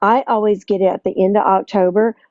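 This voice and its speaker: A woman's voice: medium pitch, fairly even intonation, brisk, a little mellow, no echo, muffled recording. A woman with a Southern US accent, a teacher from Tennessee, asking a long, rambling question full of fillers on a live stream.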